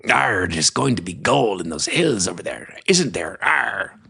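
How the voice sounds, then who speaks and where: A man's voice: sits low, sing-song, measured pace, vocal fry, sharp tone, husky, dry recording, clean studio sound, voice pushed down, exaggerated voice. A man voicing a grizzled old male gold prospector who growls "arr" like a pirate. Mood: gruff.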